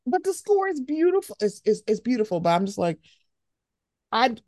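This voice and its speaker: Young woman podcast host just chatting, super animated, voice bouncing all over, dry close mic. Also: moderate pace, dry recording. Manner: animated, swings into high excited voices when quoting herself. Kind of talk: casual chat.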